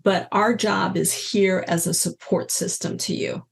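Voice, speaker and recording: A woman's voice: mid-range voice, a little slow, gravelly, a crowd in the background. A woman in her sixties, a guest telling stories in a casual interview and acting out the voices she quotes. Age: 60s. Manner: animated storyteller, acts out quoted voices. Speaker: guest, energy healer and teacher.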